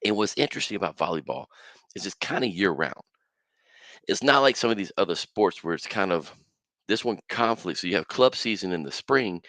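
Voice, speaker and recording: A middle-aged man hosting a casual solo podcast, animated and slangy, with bursts of loud excitement. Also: deep voice, no room sound. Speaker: podcast host.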